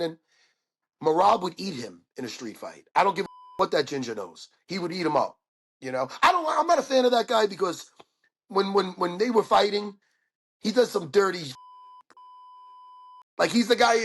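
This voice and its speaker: A man, a podcast guest, telling stories in an excitable, profane way and acting out the quotes. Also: high voice, brisk, husky. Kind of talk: animated storytelling chat.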